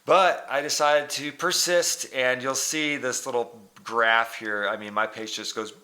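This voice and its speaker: Male vlogger, bright tone, casual rambling training recap with fillers and restarts. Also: medium pitch, fairly even intonation, a little slow. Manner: rambling, self-correcting, frequent fillers.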